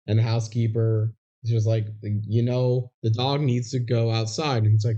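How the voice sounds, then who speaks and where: A man's voice: medium pitch, little pitch movement, normal speed, hardly any pauses, mellow. Man recapping a movie in a dull lo-fi recording. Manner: retells scenes, acting out lines. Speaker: podcast co-host. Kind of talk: casual movie recap chat.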